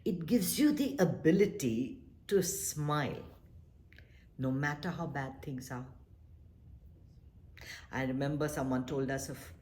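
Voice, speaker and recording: Woman, meditation teacher, low voice, very lively intonation, earnest coaxing class talk. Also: a little slow, long pauses. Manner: earnest, gently coaxing, acts out little quoted exchanges.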